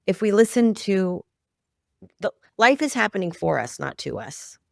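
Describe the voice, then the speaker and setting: Woman with a gravelly, heartfelt storytelling voice. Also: medium pitch, very animated, unhurried, no echo, clean studio sound. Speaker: podcast guest, children's media founder. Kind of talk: interview storytelling.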